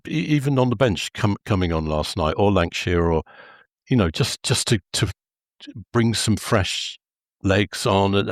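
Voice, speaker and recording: A man on a football podcast, speaking in a hesitant, halting way and often repeating his words. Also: low-pitched, no echo, clean studio sound. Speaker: podcast panelist. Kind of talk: casual football podcast chat.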